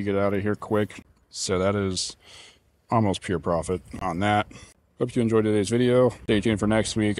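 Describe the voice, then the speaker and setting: A man narrating his repair work in a plain, matter-of-fact way, thinking aloud as he goes. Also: on the low side. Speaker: small-engine repair YouTuber. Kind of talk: casual workshop narration.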